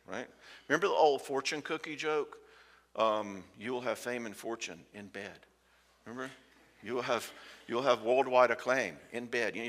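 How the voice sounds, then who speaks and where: A man speaks to a room of couples in a folksy, joking way and acts out spouses' lines as he goes. His voice is bright and forceful. It rings out with the long reverb of a church hall. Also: medium pitch. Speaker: conference speaker. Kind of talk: conference talk to couples.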